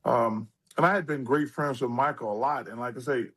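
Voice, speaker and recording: A man in his sixties, a former basketball player, telling animated stories in an interview and acting out what people said. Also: mid-range voice, brisk, poor audio. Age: 60s. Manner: animated storyteller who acts out quotes. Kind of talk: storytelling interview.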